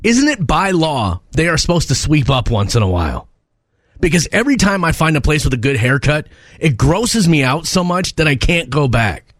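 A male radio host rants in a casual, exasperated way, and his voice swings widely in pitch. His voice sits slightly high. The sound is close and dry. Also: normal speed, no echo. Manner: animated, exasperated complaining. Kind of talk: casual morning radio chat.

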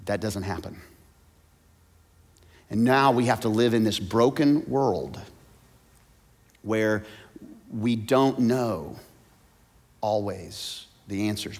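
Preaching man in a reverberant hall. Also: on the low side. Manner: preaching with big swings from loud to soft. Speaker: pastor. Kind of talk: sermon. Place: church sanctuary.

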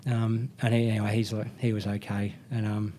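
A man's voice: fairly low pitch, flat delivery, brisk, mellow, a little hiss or hum. Rambling Australian man spinning a yarn. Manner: rambling, self-correcting anecdote with slang. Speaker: guest, motorcycle racer. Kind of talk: casual storytelling.

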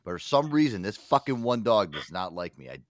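Swearing, animated male podcast host. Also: on the low side, fairly quick, no echo, clean studio sound. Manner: loud, swears constantly. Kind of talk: casual profane banter.

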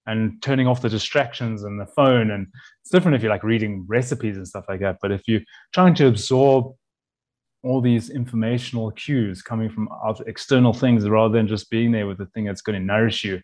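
A man who works as a chef, talking as a guest on a relaxed podcast in a fairly low voice. He speaks earnestly and rambles, often breaking off and restarting his sentences as he thinks. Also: brisk. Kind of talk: casual conversational interview.

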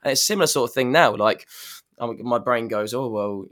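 A man's voice: mid-range voice, brisk, a bit bright. A man on a podcast, talking candidly in a rambling, self-correcting way. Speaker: podcast guest. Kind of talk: casual chat.

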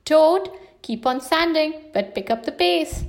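A woman's voice: sits high, animated, measured pace, voice pushed up. Bossy moose foreman, a woman reading. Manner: barking orders. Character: bossy male moose foreman, stern and pushy. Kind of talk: children's storybook read-aloud.

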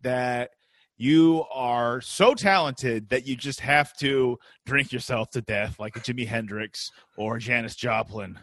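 A man's voice: mid-range voice, a little slow, few pauses, fairly bright tone, no echo, natural voice. A man putting on the voice of an exasperated famous father lecturing his grown son with mock patience. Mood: scolding.

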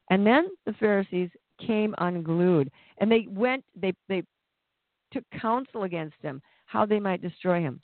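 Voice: mid-range voice, dry recording. Preacher, conversational sermon, plain-spoken, restarts, tinny phone-like sound, dry.

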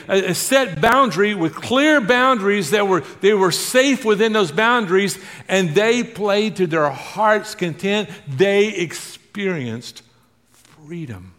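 A man with a high-pitched voice preaches a sermon to his congregation, drawing responses as he swings between loud emphasis and hushed passages. A long reverb tail follows his words.

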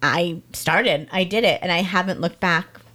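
A woman's voice: lowish voice, bright, forceful tone. Woman telling a painful story candidly. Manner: emotional, fast, frequent "like" fillers. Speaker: podcast guest sharing her story.

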